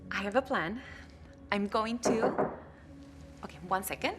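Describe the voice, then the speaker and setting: An actress with a Colombian Spanish accent playing a hesitant, pleading employee in a scripted drama. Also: female voice, mid-range voice, animated, a little slow, over loud music, natural voice. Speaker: on-camera employee.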